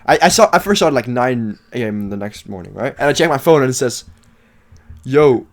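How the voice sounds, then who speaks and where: A man's voice: mid-range voice, fast. A young man co-hosting a casual podcast, teasing his co-host and giggling often. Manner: teasing, giggly, very lively delivery. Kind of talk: casual chat.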